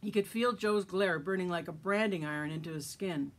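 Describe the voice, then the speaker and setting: A woman's voice: on the low side, fairly quick. Woman reading her own story aloud.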